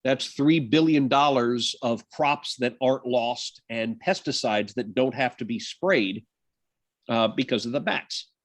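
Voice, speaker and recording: Brief: male biology lecturer, slow and deliberate, filler-heavy, dry close-miked sound. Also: medium pitch, dry recording. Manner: conversational, lots of uh and um, self-deprecating asides. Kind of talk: university lecture.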